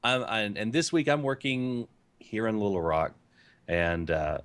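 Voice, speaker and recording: A man's voice: lowish voice, unhurried, fairly bright tone, clear, resonant tone. A man from the United States co-hosting a casual podcast, telling stories in a rambling, hesitant way full of fillers. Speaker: podcast co-host.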